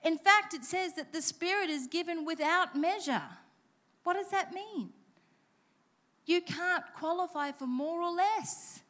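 Lady preacher, high voice, animated and jokey, talking to a church crowd. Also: measured pace. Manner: animated, self-deprecating storytelling with playful asides. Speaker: pastor. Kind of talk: sermon.

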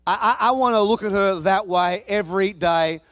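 Preaching at normal speed, a pastor with a high voice spins a comic, animated personal story, frequently repeating words and starting over. The sound is dry and close, without any room echo.

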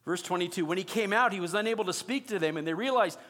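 A man preaching a sermon in a conversational, animated way, asking his listeners questions. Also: high-pitched, fast talker. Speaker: pastor.

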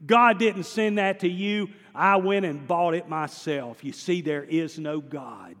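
A man's voice: fairly high pitch, unhurried, fairly bright tone. Preacher acting out a smug scoffing neighbor man, raised jeering voice, long hall echo. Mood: gloating. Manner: jeering, gloating.

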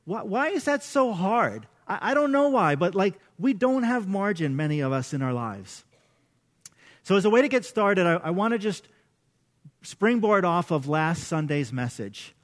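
A middle-aged male pastor preaching to his congregation, animated and interactive, quizzing the audience. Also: high-pitched, moderate pace. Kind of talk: sermon. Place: church service.

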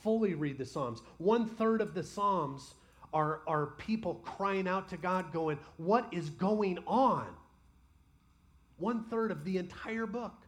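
A man preaching a sermon as pastor, passionately voicing honest prayers to God and then dropping to quiet, personal reflection. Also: high-pitched, takes it slowly. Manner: impassioned, voices imagined prayers aloud.

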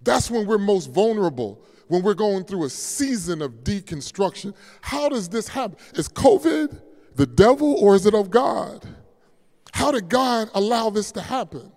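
A man's voice: sits high, animated, normal speed. Preaching man in a reverberant church. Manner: preaching with rising force, then dropping to a hushed storytelling tone. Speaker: pastor. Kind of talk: sermon.

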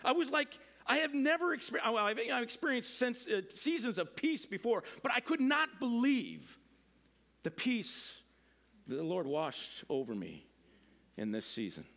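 A man's voice: extremely high pitch, huge pitch swings, a little slow, a bit bright. A middle-aged man, a pastor, giving a conversational sermon, full of fillers, restarts and asides to the congregation.

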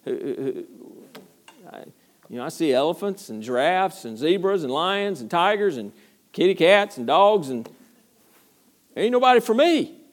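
A man's voice: fairly high pitch, big pitch swings, slow pace, gravelly, darkish tone, exaggerated voice. A man voicing a lonely first man who searches for a partner and complains plaintively.

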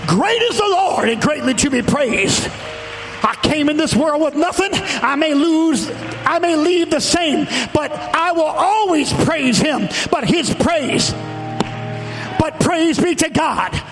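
A male pastor preaching a sermon in a shouting, rhythmic cadence, with music and a congregation behind him. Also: very high voice, lively intonation, takes it slowly. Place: church sanctuary. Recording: church hall reverb with music and congregation.

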